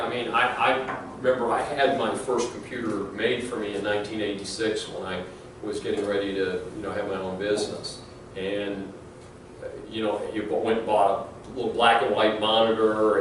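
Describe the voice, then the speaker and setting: A lowish yet fairly bright male voice belongs to a middle-aged law professor giving a conversational, story-filled lecture with plenty of fillers and restarts. Heard from far off in a big classroom, the audio is echoey and faintly hissy.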